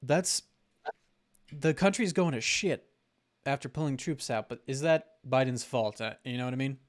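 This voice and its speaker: A man's voice: mid-range voice, normal speed. A man co-hosting a podcast, casually talking through political theories with many fillers and laughing at his own points. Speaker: podcast co-host.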